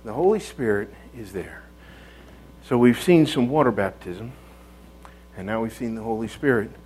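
A man's voice: lowish voice, animated, moderate pace, darkish tone, husky, low-quality recording. A man preaching a conversational sermon in a church, folksy, often repeating words and asking rhetorical tag questions.

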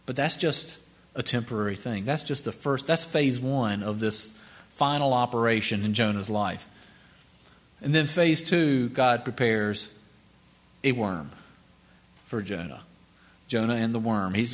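A man preaching a sermon in a conversational, animated way, often chuckling and restarting his sentences. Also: mid-range voice.

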